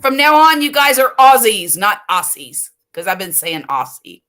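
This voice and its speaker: An older woman from the US Gulf Coast hosts a late-night livestream from home, chatting slowly and rambling, laughing easily as she reads viewer comments. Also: fairly high pitch, sing-song, pushed and bright. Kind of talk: casual chat reading viewer comments.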